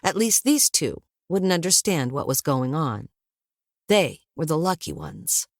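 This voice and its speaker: A woman narrating a first-person audiobook in a wry, lively storytelling manner. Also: sits low, unhurried, no echo, clean studio sound.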